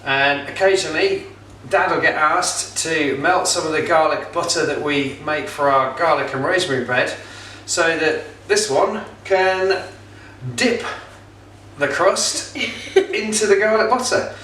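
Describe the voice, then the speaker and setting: A middle-aged man with a bright, forceful voice talks through a cooking demonstration in a chatty, joking way, full of ums and uhs. He sounds a little way off the mic, and the kitchen gives his voice a roomy echo. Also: fairly high pitch, unhurried, distant mic, a little hiss or hum. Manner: chatty, jokey, with filler words. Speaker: pizza kit seller and presenter.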